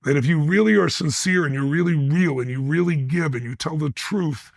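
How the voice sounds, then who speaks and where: A man's voice: fairly high pitch, a little fast, vocal fry, no echo. A man being interviewed, telling personal stories with intensity and blunt emphasis. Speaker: interview guest. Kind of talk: animated personal storytelling.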